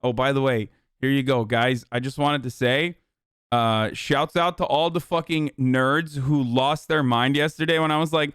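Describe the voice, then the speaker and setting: A young man streaming, chatting with his audience in a profane, mocking way and breaking into loud laughs. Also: medium pitch, fairly even intonation, normal speed, clean tone, no room sound, clean studio sound. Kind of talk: casual livestream chat.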